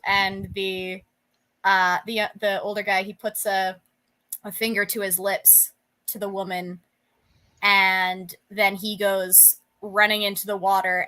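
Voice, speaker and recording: A young woman runs a tabletop game and paints a scene with many "um"s, "like"s and restarts. Her voice is bright and forward, at a middling pitch. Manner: rambling, many fillers and restarts. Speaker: game master.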